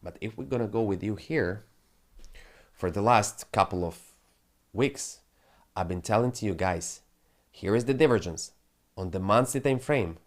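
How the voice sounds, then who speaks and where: A man's voice: fairly low pitch, moderate pace, long pauses. Profane, ranting male crypto host. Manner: profane, animated, non-native phrasing. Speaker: crypto trading channel host. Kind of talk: ranting market commentary.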